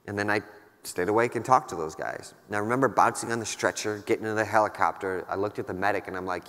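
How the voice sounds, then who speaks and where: A man's voice: on the low side, fast, fairly bright tone. A man in his thirties giving a keynote talk, telling a personal war story in a candid, casual, wry way with lots of fillers. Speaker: keynote speaker. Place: large conference hall. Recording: long hall reverb.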